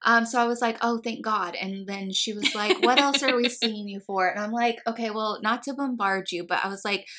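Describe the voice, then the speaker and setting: A young American woman chats casually, telling a long personal story, acting out the dialogue and saying "like" a lot. Her voice is fairly high, sharp in tone and fairly quick, with hardly any pauses.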